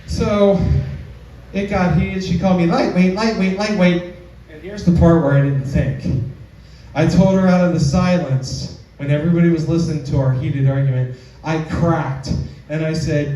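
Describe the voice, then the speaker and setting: A man with a fairly high voice performs stand-up at a slow, unhurried pace. He is picked up from a distance in a very echoey club, with faint room noise behind him. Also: a little mellow, dull audio. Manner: slow, drawn-out delivery with squealing voices for the girls. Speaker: stand-up comedian. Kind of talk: live stand-up set. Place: small comedy club stage.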